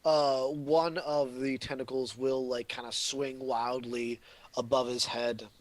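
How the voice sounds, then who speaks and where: A man running a tabletop game as dungeon master, painting scenes in an easygoing, descriptive way. His voice sits at an ordinary middle pitch for a man, without anything unusual in its tone. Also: level tone, slow, dry recording, poor audio.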